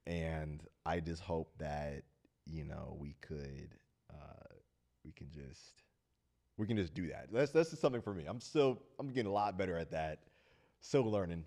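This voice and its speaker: A man's voice: extremely low pitch, animated, a little slow, vocal fry, a little mellow. A man hosting a casual, heartfelt monologue, speaking earnestly and telling stories in a loose, rambling way. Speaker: host of a talk channel.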